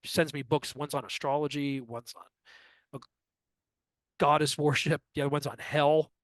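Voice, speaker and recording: Middle-aged male interview guest, an animated storyteller with a fairly high voice, recorded dry. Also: moderate pace, no echo. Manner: lively, acts out others' lines in quotes. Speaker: astrologer guest.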